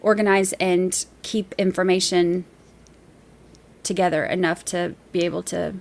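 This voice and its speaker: A woman's voice: on the low side, steady tone, unhurried, gravelly. A woman hosting a casual livestream, reading viewer messages aloud and chatting in a rambling, easygoing way with easy laughs.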